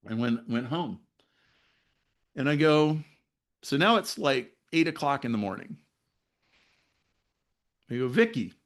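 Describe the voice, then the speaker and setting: A man telling a personal story to a discussion group, acting out the other people in it. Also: medium pitch. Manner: animated, acts out other people's lines in the story. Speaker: discussion leader. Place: online video meeting.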